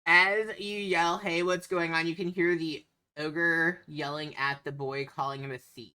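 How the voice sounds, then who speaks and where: A woman runs a tabletop game as its narrator, pausing often with ums as she sets the scene. Her voice is low yet bright and clear. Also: steady tone. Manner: hesitant, lots of ums. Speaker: game master.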